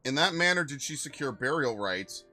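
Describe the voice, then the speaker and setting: Man reading tomb keeper, solemn, formal, measured, bright voice. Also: medium pitch, expressive, faint music behind.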